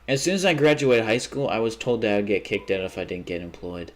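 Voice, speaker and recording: A young man with a fairly low voice chats on a live gaming stream. He rambles, curses freely, and flares up fast. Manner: rambling, profane, quick to get heated. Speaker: livestreamer. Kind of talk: casual livestream chat while gaming.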